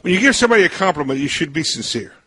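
A man's voice: on the high side, sing-song, racing, sharp tone, slightly rough, no room sound. A man hosting a radio interview in a folksy way, often repeating words as he searches for what to say. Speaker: radio host.

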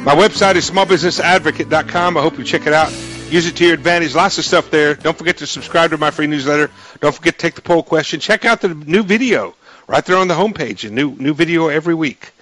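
A man's voice: on the high side, quick pace, a bit bright, faint music behind, low-quality recording. A man hosting a radio talk show, chatty and folksy, laughing easily with his guest.

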